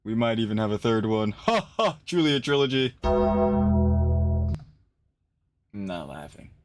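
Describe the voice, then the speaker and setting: A man hosting a casual reaction stream, animated and profane, repeating himself for emphasis. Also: fairly low pitch, a little slow, music in the background.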